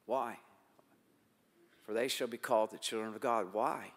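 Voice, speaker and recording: Older pastor preaching in a reverberant church. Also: male voice, fairly low pitch, measured pace, pauses often. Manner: preaching with rhetorical questions, quoting prayers aloud. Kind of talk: sermon. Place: church sanctuary. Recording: long hall reverb.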